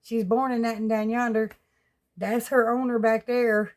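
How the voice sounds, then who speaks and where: A woman's voice: on the high side, flat delivery, moderate pace. A woman with a Southern US accent rambling in a casual, folksy home vlog, often laughing. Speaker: vlogger. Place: at home with pets.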